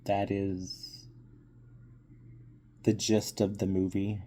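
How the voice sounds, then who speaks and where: A man with a very dark, low voice talks through his movie review in an unhurried, halting way, filling pauses with ums. His voice sounds husky. He is still recovering from being sick. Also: monotone. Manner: hesitant, full of ums and trailing thoughts. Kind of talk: casual review vlog.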